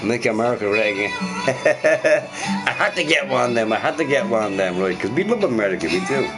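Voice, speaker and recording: A man's voice: mid-range voice, moderate pace, over music. A young man ranting loosely to his live chat, swearing and repeating himself. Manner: animated, sweary, repeats phrases. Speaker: live streamer answering chat.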